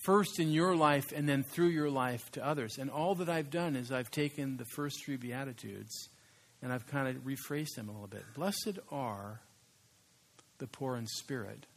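A man preaching a sermon as pastor, conversational and emphatic, slowing down to stress key words. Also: medium pitch.

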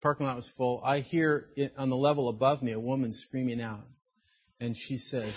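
A middle-aged man preaching a sermon, telling personal stories in an animated way and acting out the voices of the people in them. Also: medium pitch, normal speed, husky, muffled recording. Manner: storytelling, animated, acts out quoted voices. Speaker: pastor.

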